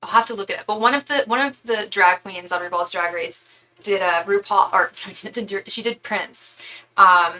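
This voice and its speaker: Bright-voiced young woman chatting on a livestream. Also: mid-range voice, moderate pace, a little hiss or hum, rough recording. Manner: chatty and gushing, many fillers and restarts. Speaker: tarot reader and psychic livestream host. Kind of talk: casual livestream chat reading comments.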